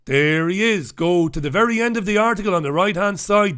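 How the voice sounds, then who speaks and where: A man's voice: high voice, fairly quick, hardly any pauses, a bit bright, clear, resonant tone. A man hosting a sarcastic, swearing review of the day's newspapers, ranting about the stories. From United Kingdom. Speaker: host. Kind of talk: scathing newspaper review monologue.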